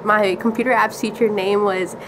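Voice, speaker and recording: A teenage girl rambles through a casual story, giggling and filling gaps with "like". Her voice sits at an ordinary middle pitch. There is steady hiss and background noise on the recording. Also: normal speed. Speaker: vlogger.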